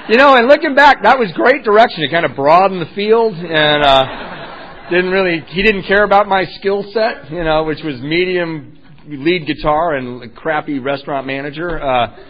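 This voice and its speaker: Man, heartfelt recovery testimony, slightly high voice, dull lo-fi sound. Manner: candid, heartfelt, self-mocking, swings between hushed and loud. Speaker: speaker sharing a recovery story. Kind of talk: personal testimony talk.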